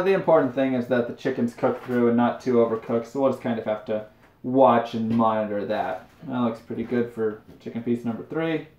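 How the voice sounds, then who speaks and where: A man's voice: medium pitch, gravelly, a little mellow, a little hiss or hum. Young man rambling in an echoey kitchen. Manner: rambling, self-deprecating storytelling. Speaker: streamer. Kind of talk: casual cooking livestream chat. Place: home kitchen. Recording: roomy, dull lo-fi stream audio.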